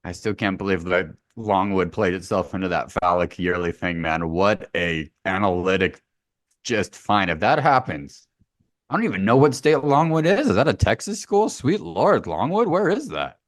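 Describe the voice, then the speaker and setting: A man's voice: low-pitched, expressive, moderate pace, no echo, clean studio sound. A man co-hosting a podcast, rambling and joking in casual sports banter, swearing freely. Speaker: podcast co-host. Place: remote Hawaii.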